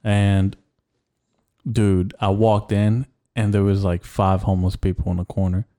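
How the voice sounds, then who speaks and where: Unhurried and mellow, a young podcast co-host with a low, relaxed voice meanders through crude anecdotes in casual chat. Filler words hold his stories together, and the swearing never stops.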